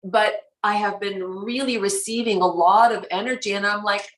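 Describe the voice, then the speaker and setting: A woman guest in a casual conversation about her spiritual work, telling stories lively and acting out quoted exchanges, often laughing. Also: mid-range voice, moderate pace. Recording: roomy echo.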